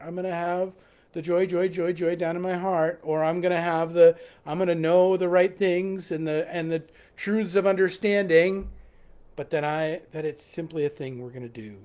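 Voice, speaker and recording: High-voiced man giving a casual sermon. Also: a little mellow. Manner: earnest, repeats key phrases, frequent restarts. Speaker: pastor. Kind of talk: conversational sermon reflection. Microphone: live-stream recording.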